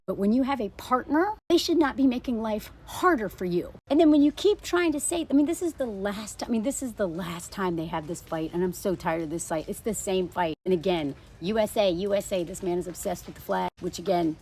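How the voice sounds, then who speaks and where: A woman's voice: medium pitch, darkish tone, a little hiss or hum. A woman in her thirties giving casual, blunt and sarcastic commentary on a dating show. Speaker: social media commentator.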